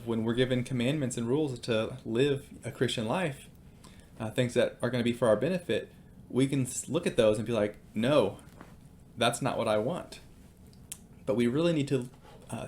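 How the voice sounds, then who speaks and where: A man's voice: mid-range voice, darkish tone, slight background noise. Man giving a casual devotional talk. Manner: conversational, with fillers and storytelling. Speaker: Christian speaker.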